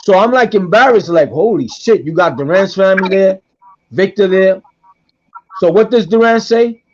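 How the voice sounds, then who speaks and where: A middle-aged man telling a story on a podcast in a casual, animated way, acting out the voices of the people in it and repeating lines for emphasis. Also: high voice, moderate pace. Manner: animated, acts out quoted voices, repeats himself. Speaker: guest storyteller. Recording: dull lo-fi podcast audio.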